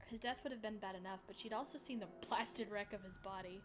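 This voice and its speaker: A woman's voice: medium pitch, quick pace, over music. Chatty young woman streamer. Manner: chatty, animated asides. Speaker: streamer reading a visual novel. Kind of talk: narration mixed with casual chat.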